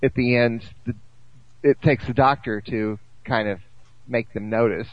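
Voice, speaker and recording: A man's voice: mid-range voice, fairly even intonation, a little slow, no room sound. A man chatting as a podcast guest, thoughtful and trailing off with fillers. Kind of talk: casual chat. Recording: dull dry lo-fi mic.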